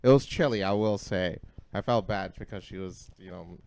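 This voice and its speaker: A man co-hosting a podcast, telling a story in a casual chat, dropping to low mutters, then bursting out loud with lots of swearing. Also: normal speed, creaky, clear, resonant tone. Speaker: podcast co-host.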